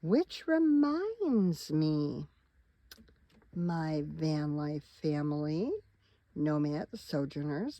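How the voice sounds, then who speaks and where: A woman's voice: sits low, vocal fry, mellow, poor audio. A tired middle-aged woman vlogging from inside her parked van at night, chatting in a rambling, wandering way straight to her viewers. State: tired, yawning. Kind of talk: casual rambling vlog chat.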